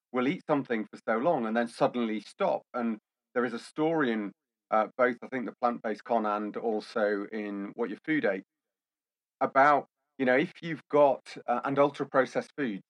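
A man's voice: medium pitch, low-quality recording. A man co-hosting a veterinary podcast in casual chat, thoughtfully explaining ideas at length.

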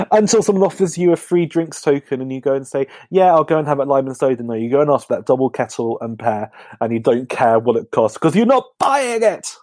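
An English man with a slight lisp, a comedian chatting casually as a podcast guest and telling animated stories. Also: mid-range voice, brisk, no room sound. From England.

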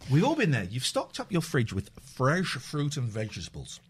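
A man's voice: medium pitch, wildly swooping pitch, moderate pace, husky. A man co-hosting a podcast, chatting in a teasing, jokey way and reading out odd news stories. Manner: teasing, jokey, breaks into silly voices. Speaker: podcast co-host. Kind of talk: casual comedic chat.

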